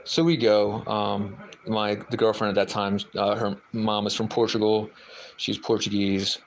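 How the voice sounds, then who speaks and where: A livestream host with a lowish, gravelly voice chats casually, reading out and answering viewer comments in a rambling, hesitant way with many fillers and restarts. He speaks unhurriedly in a level tone. The recording is low quality, with slight background noise.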